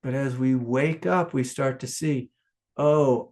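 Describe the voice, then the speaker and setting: A man, a spiritual teacher giving a satsang talk, often laughing, swinging from impassioned outbursts to hushed prayer. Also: medium pitch, steady tone, slow.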